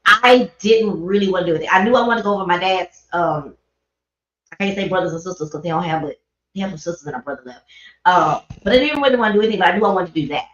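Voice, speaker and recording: On a livestream, a host with a lowish, fairly bright voice talks quickly about grief. Her casual, personal talk is earnest and wandering, and the audio from the livestream microphone sounds roomy and dull.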